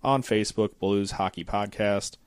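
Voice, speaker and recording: A man with a fairly low voice hosts a relaxed podcast. He stumbles and restarts often, with plenty of fillers and half-finished thoughts. The sound is dry and close, with no room echo. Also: clean tone. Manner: halting, filler-heavy, trailing off mid-sentence. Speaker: podcast host. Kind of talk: casual podcast chat.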